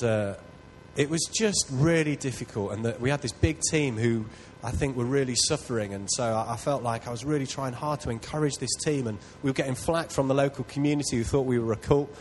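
A man's voice: medium pitch, a little hiss or hum, rough recording. Earnest man preaching a sermon. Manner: earnest, self-deprecating, builds to loud excitement. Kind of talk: sermon with personal storytelling.

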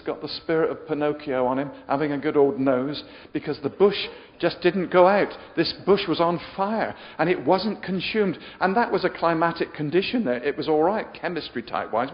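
A man delivers a sermon in a conversational, humorous manner, tossing questions to the crowd. His voice sits a little high, and the long reverb of a big hall trails behind each phrase. The recording itself is dull and lo-fi. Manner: chatty, jokey, asks the audience questions. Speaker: preacher.

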